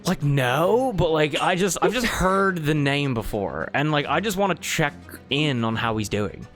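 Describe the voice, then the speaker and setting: A man voicing a gentle young female selkie twin who talks in a relaxed, surfer-like, rambling way. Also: a little high, unhurried, faint music behind. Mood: breezy. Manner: laid-back, rambling, lots of "like".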